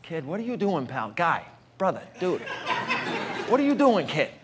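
A man's voice: on the high side, huge pitch swings, moderate pace, noisy background. A man voicing his stingy older brother, a scolding man with a Boston accent who keeps repeating himself and calling people guy, kid and pal. Live stage recording with audience laughter. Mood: outraged.

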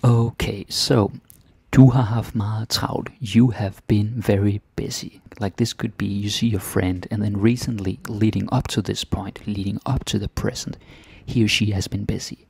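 A man with a Danish accent teaching Danish grammar in English, chatty, with "ikke?" tags and sudden soft whispers. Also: fairly low pitch, fairly even intonation, normal speed, creaky, husky, no room sound. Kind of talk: explaining grammar to learners.

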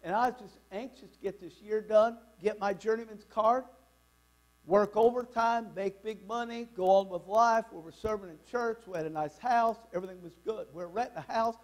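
A man's voice: high voice, moderate pace. A man in his sixties preaching a fervent, worked-up sermon in church. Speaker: pastor.

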